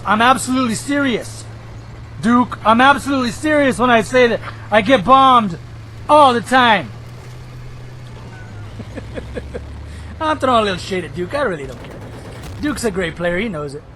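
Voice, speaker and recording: A hoarse man giving rambling, excitable commentary over his own gameplay footage, now and then bursting into shouts. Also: sits high, a little hiss or hum, low-quality recording. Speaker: gameplay video host.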